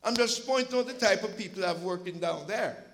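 A male preacher giving an impassioned sermon, telling stories from his church's food pantry and at times rising to a shout. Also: high voice, brisk, rough recording. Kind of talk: sermon with storytelling.

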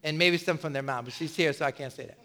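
A man's voice: a little high, fast, sharp tone. A middle-aged man preaching a sermon earnestly, often repeating phrases and restarting his words. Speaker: pastor.

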